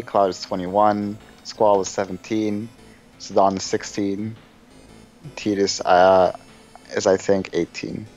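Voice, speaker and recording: A man's voice: fairly low pitch, darkish tone, muffled recording. A man co-hosting a game stream, rambling and joking in casual chat. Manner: rambling, joking, quick to laugh.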